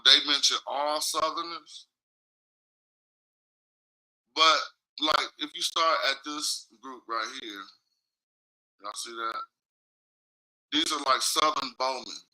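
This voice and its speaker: A man's voice: fairly high pitch, fairly even intonation, slow pace, pauses often, sharp tone, low-quality recording. A man streaming in casual talk, reading from his screen and explaining loosely while checking in with viewers. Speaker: streamer in a played clip.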